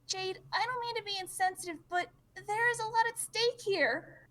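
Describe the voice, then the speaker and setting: A woman's voice: extremely high pitch, normal speed, pushed and bright. A woman voicing a patient young girl who soothes and shushes a grieving friend in a webcomic read-aloud. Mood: soothing. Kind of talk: reading a webcomic aloud with voices. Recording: long hall reverb.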